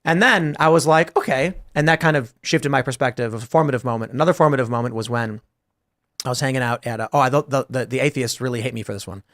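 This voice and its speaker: Male podcast host, casual and chatty, works through big ideas out loud. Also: medium pitch, quick pace. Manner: storytelling, acting out both sides of a conversation; thinking aloud through abstract ideas. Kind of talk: casual panel talk.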